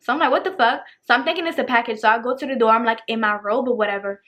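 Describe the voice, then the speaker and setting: A woman's voice: fairly high pitch, racing, a bit bright. A young woman casually telling a storytime to the camera, chatty and profane. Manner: chatty and profane, acts out quotes. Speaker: storytime vlogger.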